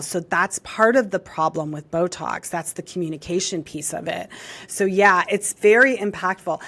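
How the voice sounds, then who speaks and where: A middle-aged woman talking as an interview guest, animated and expressive, acting out the reactions she quotes. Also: lowish voice. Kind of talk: interview conversation.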